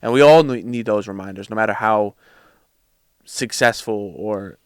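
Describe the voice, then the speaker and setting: A man's voice: fairly low pitch, normal speed, clear, resonant tone, no room sound, studio quality. A man talking casually as a podcast guest, reflective and searching for his words.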